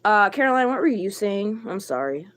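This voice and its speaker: Woman streamer with a lowish voice, blunt and irritated, heavy swearing, addresses chat directly. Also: animated, normal speed. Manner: talks to chat viewers by name. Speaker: livestreamer. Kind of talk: live stream chat rant.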